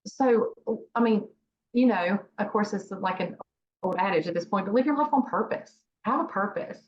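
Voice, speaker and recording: A woman's voice: mid-range voice, animated, moderate pace. A woman guest on an interview show, talking casually about her nonprofit, rambling with many fillers and restarts. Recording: dull lo-fi sound with faint noise.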